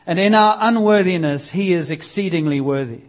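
A man with a high voice preaches to a congregation in a bold, conversational way and slips into lively quoted voices. The sound is dull and a little lo-fi. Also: normal speed. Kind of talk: sermon. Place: church service.

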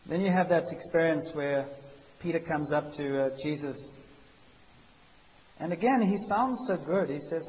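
A man preaching a sermon as a pastor, animated and conversational, acting out quotes. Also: on the high side, moderate pace. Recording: dull hissy recording in a reverberant hall.

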